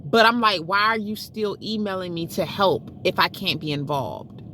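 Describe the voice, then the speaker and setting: A woman's voice: medium pitch, moderate pace, sharp tone, slight background noise. A middle-aged woman telling a frustrating story to her viewers in a chatty, exasperated way, talking straight to them as y'all. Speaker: vlogger. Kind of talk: casual storytelling vlog.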